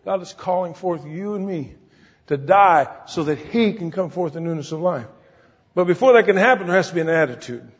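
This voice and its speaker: A man's voice: high voice, lively intonation, a little fast, slightly rough. A man preaching a sermon to a congregation, talking conversationally and turning emphatic, often asking the listeners questions. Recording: dull lo-fi recording with long hall reverb.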